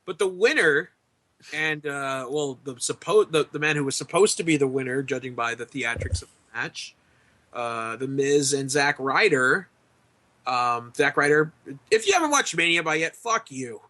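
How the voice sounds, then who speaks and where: A man's voice: a little high, animated, normal speed, pushed and bright, dry recording. A man hosting a podcast, chatting casually and joking with plenty of profanity. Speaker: podcast host. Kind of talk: casual chat.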